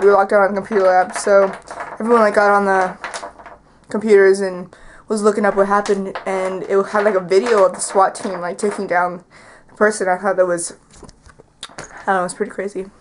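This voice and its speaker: A woman's voice: mid-range voice, flat delivery, a little fast, slight background noise, low-quality recording. A teenage girl talking casually in a vlog from her bedroom, rambling and filling her talk with "like". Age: teens. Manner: chatty, rambling, heavy use of "like". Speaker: vlogger.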